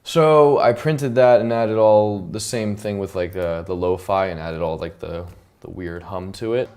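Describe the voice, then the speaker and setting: A man's voice: deep voice, measured pace, clean tone. A man, a songwriter and producer, casually talking through how he built a track, humming and scatting notes as he goes. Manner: relaxed, chatty, filler-heavy, hums and scats notes. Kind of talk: casual studio breakdown. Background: music tracks playing.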